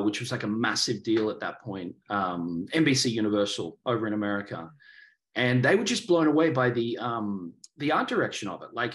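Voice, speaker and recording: A man in his thirties with a faded Australian accent, talking loosely as a guest on an interview podcast. He rambles and circles back, stacking fillers and restarting sentences as he tells his stories. His pitch sits in the ordinary middle range for a man. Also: a bit bright. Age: 30s. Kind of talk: casual interview chat.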